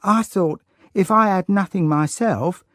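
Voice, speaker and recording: A man's voice: high-pitched, a little slow, a bit bright, no room sound, clean studio sound, pitched above the performer's own voice. A man putting on a meek little girl's voice. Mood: timid. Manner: meek, respectful, says "sir" often. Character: timid, polite poor young girl. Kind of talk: audiobook character voice.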